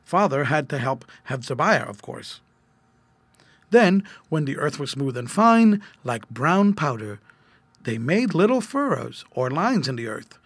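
A man reading an old-fashioned children's story aloud, gentle and expressive. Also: a little high, measured pace, husky, no room sound. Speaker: narrator.

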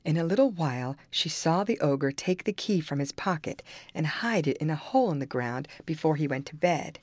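A woman reads a fairy tale aloud in a low voice that rises and falls with lively pitch. Her storybook narration keeps a calm, even pace. The recording is dry and close. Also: normal speed, no echo.

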